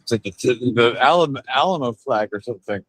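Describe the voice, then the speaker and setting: A man's voice: mid-range voice, lively intonation, brisk, dry recording. A tipsy man live streaming while walking outdoors, rambling and bantering rowdily with his chat on a handheld phone. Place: outdoors on town streets.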